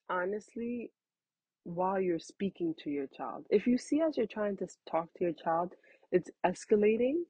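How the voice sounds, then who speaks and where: A young woman talking casually and earnestly about parenting, chatty and quick to laugh. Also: medium pitch, husky, no echo. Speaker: parenting host. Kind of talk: casual advice talk. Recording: dull lo-fi sound.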